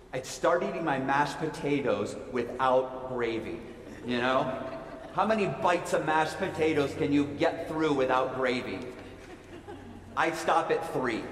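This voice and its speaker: Here a pastor's slightly high voice, with a bit of background noise, leads a lighthearted children's sermon full of questions for the kids. Long reverb from the echoey church hall fills out the sanctuary recording.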